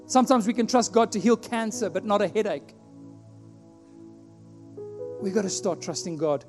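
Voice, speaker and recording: High-voiced pastor telling a story. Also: male voice, moderate pace, pauses often. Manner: animated storyteller, acts out his own prayers. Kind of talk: sermon with personal story. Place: church hall. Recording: long hall reverb, faint music.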